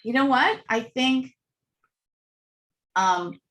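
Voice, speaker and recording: A woman telling animated anecdotes as an interview guest, acting out little voices and laughing often. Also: high voice, drawn-out words. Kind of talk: casual storytelling interview.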